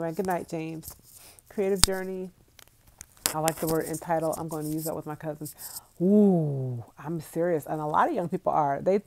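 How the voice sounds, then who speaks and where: Low, gravelly woman chatting on a livestream. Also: dark tone. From United States. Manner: chatty, laughs often, answers viewer comments. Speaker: vlogger reading live chat. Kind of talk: casual livestream chat. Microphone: phone.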